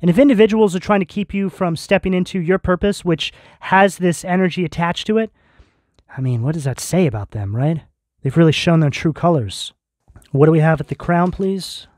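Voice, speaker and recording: Male tarot reader, earnest and reassuring spiritual delivery, higher-pitched voice. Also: moderate pace, darkish tone, dry recording, clean studio sound. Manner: earnest, reassuring direct address with spiritual terms. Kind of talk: tarot reading addressed to viewers.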